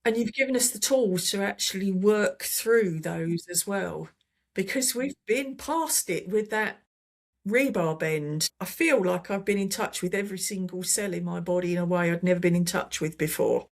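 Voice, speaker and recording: A woman's voice: on the low side, normal speed, creaky. A woman, a holistic therapist, talking enthusiastically as an interview guest, often repeating words as she gathers her thoughts. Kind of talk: casual testimonial chat.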